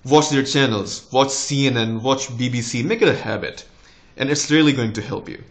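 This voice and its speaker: A young man in his twenties with a slight American tinge, a doctor giving relaxed, encouraging exam tips in a casual vlog. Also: moderate pace. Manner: relaxed, encouraging, with lively rises in pitch.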